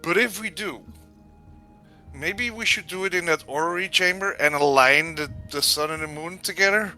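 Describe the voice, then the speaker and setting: A man playing a tabletop role-playing game who talks hesitantly and stops to correct himself. His voice is slightly high and very bright. Light music plays behind him. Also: normal speed. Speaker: player.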